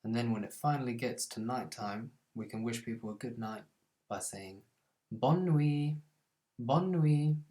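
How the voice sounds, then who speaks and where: Man teaching French phrases slowly. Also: medium pitch, warm tone. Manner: slows down and stresses French phrases, then explains them plainly. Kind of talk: scripted language lesson.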